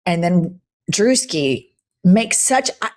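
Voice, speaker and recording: A woman with a fairly low voice hosts a political commentary show. She talks bluntly and with heat, swearing freely and hitting her points hard. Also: animated, slow. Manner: blunt, profane and emphatic.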